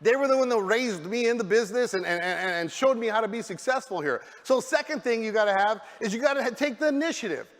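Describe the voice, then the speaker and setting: A man giving a high-energy motivational speech on stage to a sales team, often repeating words as he pushes ahead. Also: fast, hardly any pauses, fairly bright tone. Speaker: motivational speaker. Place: large hall on stage. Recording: long hall reverb.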